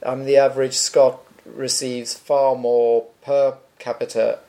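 A man's voice: medium pitch, level tone, takes it slowly, warm tone. A man answering listener questions in a casual podcast chat, dry, blunt and opinionated.

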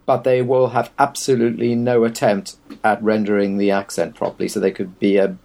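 A man's voice: fairly low pitch, little pitch movement, brisk, vocal fry, darkish tone. A man in casual conversation, giving wry, opinionated and meandering explanations. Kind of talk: casual chat.

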